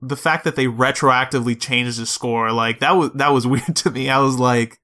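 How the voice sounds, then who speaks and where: Podcast guy chatting casually, bright voice, lots of ums. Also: medium pitch, steady tone, moderate pace. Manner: chatty, laughs easily, lots of fillers. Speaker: podcast co-host. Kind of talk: casual chat.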